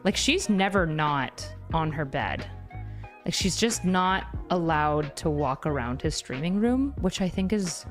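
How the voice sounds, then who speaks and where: A woman's voice: low-pitched, animated, unhurried, faint music behind. A woman talking casually in a commentary video, chatty and full of filler likes.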